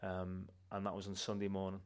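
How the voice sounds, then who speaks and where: A man, a church member giving a personal testimony in an animated, conversational way with restarts. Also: low-pitched, brisk.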